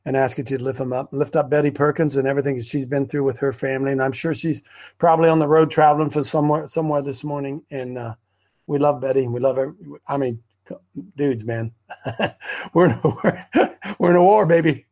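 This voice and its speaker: A man hosting a casual livestream, rambling and excitable, stopping and restarting his sentences. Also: mid-range voice, fast talker. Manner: rambling, excitable, self-interrupting. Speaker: host of a preparedness group show. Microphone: webcam on a wobbly stand.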